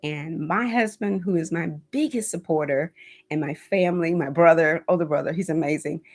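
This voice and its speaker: A woman's voice: sits low, moderate pace. Emotional woman in her fifties on a livestream. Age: 50s. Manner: warm, emotional, reads viewer comments; faith-filled encouraging talk. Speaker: home decor channel host. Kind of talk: casual livestream chat with viewers.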